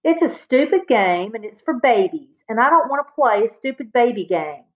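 A woman's voice: a little high, sing-song, normal speed, pitched above the performer's own voice, poor audio. A woman doing a furious young boy. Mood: annoyed. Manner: shouting, resentful. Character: angry humiliated young boy, older brother.

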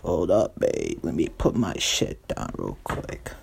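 A man doing a slow stoned husband. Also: rumbling low, wildly swooping pitch, creaky, slightly rough, voice pushed down, exaggerated voice.

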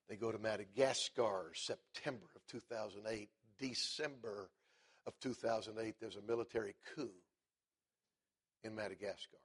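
A middle-aged man preaching a sermon, telling a story and swinging from hushed, quiet stretches to loud, emphatic preaching. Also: on the low side, breathy edge.

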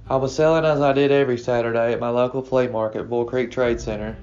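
A man's voice: medium pitch, fairly even intonation, fast, darkish tone. A man in his thirties from Kentucky, earnestly telling his own personal story and quoting the people involved. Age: 30s. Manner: plain, earnest storytelling with quoted dialogue. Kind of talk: first-person personal story told to camera. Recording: dull lo-fi recording with faint guitar music.

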